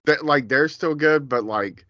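A man's voice: a little high, unhurried, fairly bright tone, dry recording, dull audio. A man co-hosting a podcast, speaking in a hesitant casual way that often trails off. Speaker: podcast co-host. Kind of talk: casual chat.

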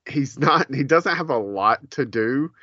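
A man with a bright, forceful voice chatting on a podcast, telling stories with animation and frequent laughter. The recording is dry and a little dull. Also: medium pitch, a little slow, dry recording. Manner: animated storytelling, laughs often. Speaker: podcast co-host. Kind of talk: casual chat.

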